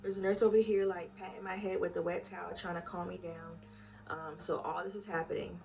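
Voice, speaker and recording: A woman's voice: lowish voice, fairly even intonation, fast talker. A young woman telling her own story in a casual, emotional way, speaking straight to her viewers. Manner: chatty, emotional, addresses viewers directly. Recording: voice a bit far from the mic with music behind. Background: background music.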